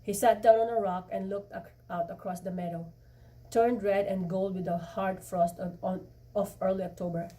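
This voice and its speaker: A woman reading a novel chapter aloud, halting now and then, with restarts and small slips. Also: mid-range voice, steady tone, dark tone, recorded from a distance. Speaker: reader.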